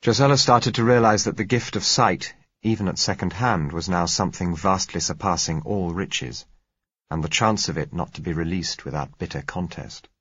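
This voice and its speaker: Male narrator, husky tone, dry close recording, measured first-person storytelling. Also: low voice, a bit bright, no room sound, highs cut off. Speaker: audiobook narrator.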